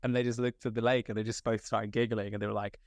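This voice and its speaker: A young man from Scotland, an actor, telling set stories in a casual interview, animated and slangy, full of filler likes. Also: lowish voice, fast, no room sound, clean studio sound. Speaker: actor guest.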